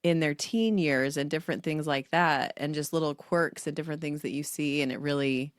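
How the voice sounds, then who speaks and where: A low-pitched woman in her thirties co-hosts a casual podcast chat. She talks earnestly and laughs easily. The sound is close and dry. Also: a little fast, no echo. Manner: warm, laughs often, earnest about parenting. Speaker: podcast co-host.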